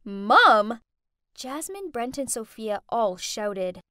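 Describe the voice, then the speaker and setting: A young woman narrating a first-person animated story in a dramatic, emotional way. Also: high voice, unhurried, no echo, clean studio sound.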